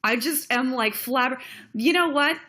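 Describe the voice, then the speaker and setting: A woman's voice: sits high, normal speed, pushed and bright. Blunt, heated young woman ranting. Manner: blunt, heated, swears freely. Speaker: vlogger. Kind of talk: ranting video commentary.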